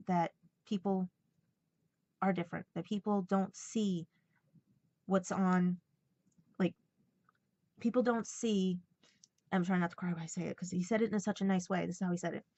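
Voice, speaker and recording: A woman's voice: fairly low pitch, darkish tone, dry recording, highs cut off. A woman vlogging casually, retelling a personal conversation in an emotional, rambling way and quoting what was said back and forth. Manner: emotional, rambling retelling full of quoted dialogue. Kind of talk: casual vlog storytelling.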